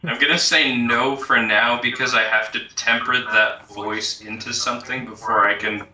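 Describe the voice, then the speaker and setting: A man's voice: mid-range voice, steady tone, normal speed, bright, forceful tone. A man playing in a tabletop game, chatting casually and thinking aloud in a hesitant way. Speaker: player. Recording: roomy sound from a distant mic.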